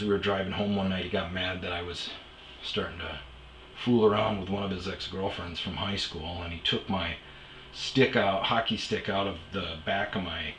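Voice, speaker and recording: Here a low-pitched man with a fairly bright tone tells rambling, profane stories as a podcast host, with plenty of fillers and asides. He's from around Omaha, and the casual monologue comes through a reverberant, low-quality recording with some hiss or hum.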